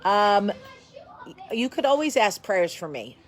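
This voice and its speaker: A woman's voice: mid-range voice, very animated, normal speed, a little hiss or hum. A woman hosting a casual chat to camera from her home, blunt and sassy in manner. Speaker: host.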